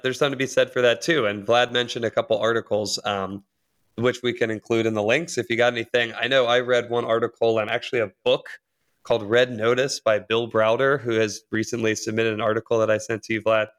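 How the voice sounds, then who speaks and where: Male podcast host, relaxed, laughs easily, closing out the episode. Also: mid-range voice, clear, resonant tone. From United States. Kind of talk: casual podcast discussion.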